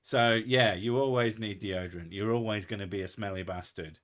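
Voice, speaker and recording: A man hosting a casual chat podcast, telling stories in an animated, sweary way. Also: lowish voice, moderate pace. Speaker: podcast host.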